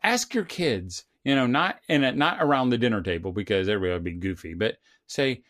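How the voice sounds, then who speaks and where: A middle-aged man, an author and speaker, talking in an earnest, animated way as a guest in a casual conversation. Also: mid-range voice, brisk, few pauses. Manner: earnest, animated storytelling with restarts.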